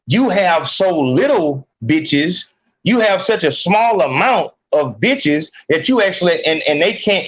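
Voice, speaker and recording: High-pitched guy ranting on a podcast, cussing a lot, muffled lo-fi sound. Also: fairly bright tone, husky. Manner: blunt, heavy slang, swearing. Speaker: podcast host. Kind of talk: profane ranting commentary.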